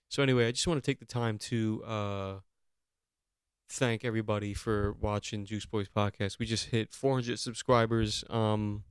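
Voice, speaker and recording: A man's voice: lowish voice, smooth, no echo, clean studio sound. A young man hosting a solo podcast, talking in a rambling, sarcastic and profane way. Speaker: podcast host.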